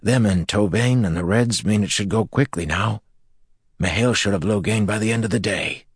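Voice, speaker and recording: A man's voice: lowish voice, moderate pace, breathy edge, no room sound, studio quality, pitched above the performer's own voice. A man voicing a frightened young man who has been turned to the shadow, talking in an anxious, pleading way in an audiobook. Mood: anxious eager. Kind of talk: audiobook character voice.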